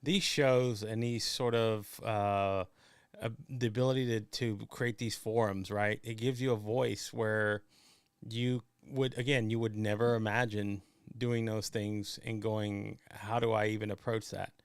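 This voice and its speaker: A man's voice: on the low side, steady tone, a little slow, clean tone, dry recording, studio quality. A man hosting a live stream show, talking casually to his guest and viewers, with a lot of fillers and restarts. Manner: rambling, many fillers and restarts, addresses viewers as folks. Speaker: host. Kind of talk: casual interview chat. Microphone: live stream setup.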